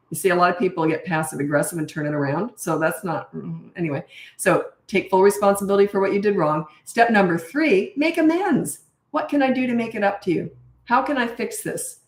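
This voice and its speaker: A middle-aged woman gives parents blunt, emphatic advice and laughs at her own lecturing. Her voice sits at an ordinary middle pitch. The recording carries a noticeable room echo. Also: animated, brisk. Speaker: parenting coach. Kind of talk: casual advice monologue. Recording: echoey room.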